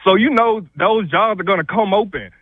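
A man's voice: high voice, normal speed, phone-quality sound. A male caller, out of breath, ranting heatedly and emphatically on a call-in show. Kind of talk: call-in rant.

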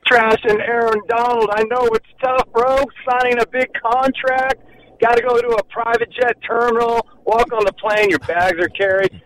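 Very high-voiced sarcastic male caller. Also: fairly bright tone, poor audio. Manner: sarcastic, mocking. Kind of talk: call-in rant.

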